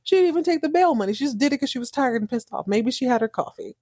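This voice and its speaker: A woman hosting a podcast, recapping a soap opera in an animated, slangy way. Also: high-pitched, racing, no echo, clean studio sound. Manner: animated, slangy, laughing storyteller. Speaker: podcast host.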